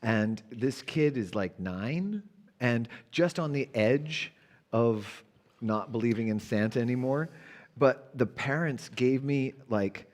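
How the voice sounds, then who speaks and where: Casting: male co-host, casual and animated storyteller, mid-range voice. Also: mid-range voice, takes it slowly. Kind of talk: casual chat. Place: small theater stage.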